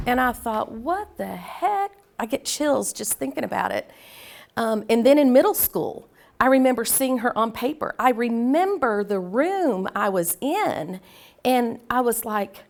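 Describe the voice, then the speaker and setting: A middle-aged woman with a drawl speaks to a room of parents in an earnest, homespun way. Her voice sits a little high, and she leans on fillers and repeats herself for emphasis. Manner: earnest, folksy, with filler ums and repetition. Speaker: conference presenter. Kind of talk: conversational presentation to parents.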